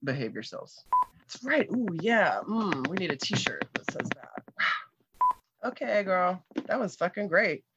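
A woman's voice: fairly low pitch, very animated, measured pace, muffled recording, heavy background noise. A woman co-hosting a podcast in casual, laughing chat, swearing freely. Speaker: podcast co-host.

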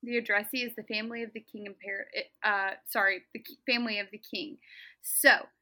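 A woman's voice: medium pitch, steady tone, fairly quick, bright, forceful tone, rough recording. A young woman co-hosting a casual Bible study podcast, bubbly and giggly as she explains the text. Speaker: podcast co-host.

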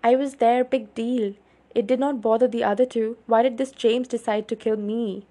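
A woman's voice: on the high side, fairly even intonation, normal speed, dark tone, lightly acted. Anxious teenage girl in a storybook reading, pleading, frightened, read by a woman.

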